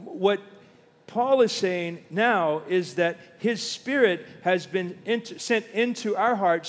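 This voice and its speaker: A middle-aged man preaching with a bright, high-pitched voice. He tells stories as he goes and slows to a crawl on the words he wants to land. His voice rings with a long reverb, as in a church sanctuary. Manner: storytelling preacher, slows down for emphasis. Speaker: pastor. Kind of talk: sermon.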